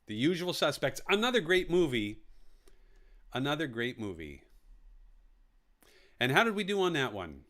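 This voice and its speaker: A man's voice: fairly high pitch, sing-song, moderate pace, pauses often, a bit bright. A man hosting a live online quiz, reading out questions and answer options and repeating them with jokey asides. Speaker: quiz host.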